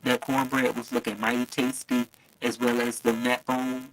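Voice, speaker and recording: A man's voice: mid-range voice, monotone, normal speed, music in the background, poor audio. Chatty live-stream host man, laughing often. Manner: chatty and affectionate, laughs often, keeps addressing viewers. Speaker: livestream host. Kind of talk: casual live-stream chat to viewers. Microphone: phone mic, held too close at first.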